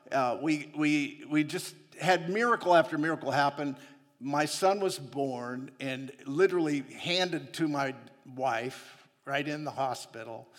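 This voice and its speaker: Chatty preacher man in a reverberant hall. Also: fairly high pitch. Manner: chatty, laughs often between lines. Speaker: missionary preacher. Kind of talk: sermon with personal storytelling.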